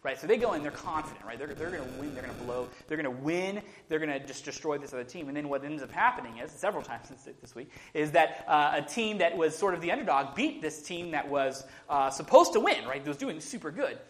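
Young male pastor, relaxed conversational sermon delivery, lightly raised pitch. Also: fast, hardly any pauses. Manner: informal, frequent "right?" tags and restarts. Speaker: preacher. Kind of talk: casual sermon.

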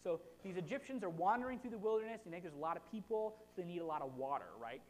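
A chatty preacher giving a casual sermon, animated and full of rhetorical check-ins, at a middle pitch. The voice rings with a long hall reverb. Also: fast talker.

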